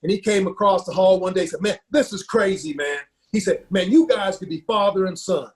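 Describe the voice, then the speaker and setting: A man, a football coach from Ohio, telling a personal story in an earnest, halting way, with many fillers and repeated words. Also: high-pitched, darkish tone.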